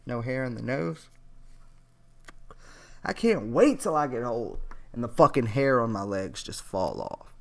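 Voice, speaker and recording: A man's voice: mid-range voice, animated, measured pace, vocal fry, pauses often. Rambling, swearing young-sounding man. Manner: rambling, profane, incredulous. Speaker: vlogger reacting to a TV clip. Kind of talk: casual reaction commentary.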